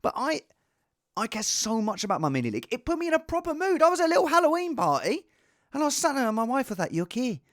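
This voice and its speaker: A man's voice: very high-pitched, sing-song, fast talker, a bit bright, dry recording, clean studio sound. A man hosting a casual show, rambling in a self-deprecating way in front of a green screen. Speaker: podcast host. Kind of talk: casual chat. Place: home set with green screen.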